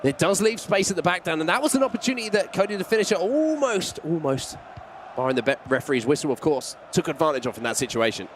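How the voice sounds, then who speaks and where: A man giving play-by-play commentary on an esports football match, excitable when chances come. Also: on the high side, quick pace, slight background noise. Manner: excitable, rising on big chances.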